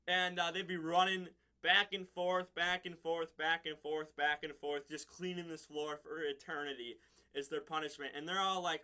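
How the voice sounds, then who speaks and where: High, sharp-voiced man rambling a review. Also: level tone, normal speed, clean tone. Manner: rambling, chuckles often between points. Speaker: TV episode reviewer. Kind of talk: casual episode review.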